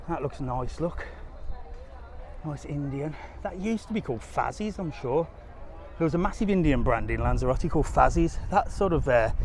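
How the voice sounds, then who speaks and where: A talkative man rambles through stories as he walks outdoors, laughing now and then. His voice sits a little high for a man. A faint hum of the street runs behind him. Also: darkish tone. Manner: chatty, rambling storyteller, laughs often. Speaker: travel vlogger. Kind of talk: casual live-stream chat. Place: outdoors walking by a harbour.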